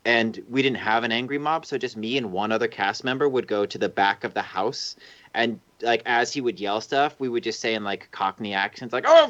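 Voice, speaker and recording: A man telling stories in casual livestream chat, animated and swearing now and then. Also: on the low side. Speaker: show host. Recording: dull lo-fi stream audio.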